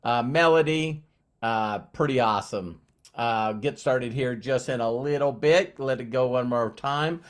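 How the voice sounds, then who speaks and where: A man's voice: mid-range voice, unhurried. A man in his fifties hosting a live-streamed motivational talk, upbeat and rambling, with many fillers and restarts. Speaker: network marketing presenter.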